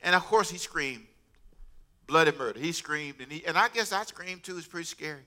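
Man, pastor preaching, very bright voice, fairly high, lively and joking, middle-aged. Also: a little fast. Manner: animated, humorous preaching with asides and laughter. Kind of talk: sermon.

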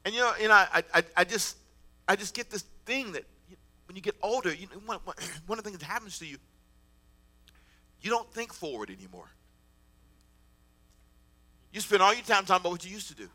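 A man in his fifties preaches in a high, piercingly bright voice. He calls out to his congregation for answers and builds into forceful exhortation. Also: big pitch swings, moderate pace, pauses often. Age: 50s. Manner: call-and-response preaching, rising to emphatic exhortation. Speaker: pastor. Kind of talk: sermon. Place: church before a congregation.

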